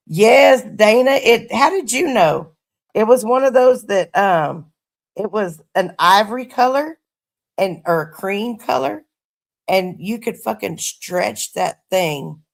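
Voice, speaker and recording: Gravelly-voiced woman swearing casually. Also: mid-range voice, animated, slow. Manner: profane, laid-back storytelling. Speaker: livestreamer chatting with viewers. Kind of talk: casual livestream chat. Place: her home.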